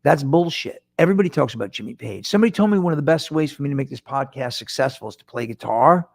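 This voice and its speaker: A middle-aged man chats to his podcast listeners on his own, wandering off topic, running himself down and starting sentences over. He talks fast and animatedly at a medium pitch with a creaky edge. His microphone is in front of him, and the audio has no echo.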